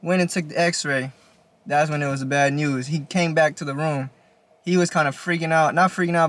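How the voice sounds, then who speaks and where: Laid-back young man, slightly high voice. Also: fairly even intonation, moderate pace, fairly bright tone. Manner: laid-back slangy storytelling. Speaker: YouTuber. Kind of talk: casual storytime vlog.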